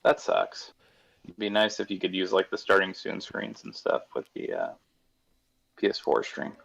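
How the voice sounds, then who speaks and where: Chatty low-voiced man. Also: wildly swooping pitch, moderate pace, vocal fry, a bit bright, slightly rough, lo-fi sound. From New England. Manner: chatty, joking, enthusiastic about sports. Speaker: guest co-host. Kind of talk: casual live-stream chat.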